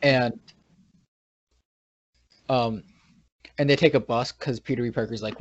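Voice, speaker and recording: A man's voice: mid-range voice, fairly even intonation, measured pace, pauses often, no room sound. A man from New York recapping a movie in casual chat, retelling scenes with frequent restarts and trailing sentences. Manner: rambling retelling with many restarts. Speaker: podcast co-host. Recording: dull, dry lo-fi recording.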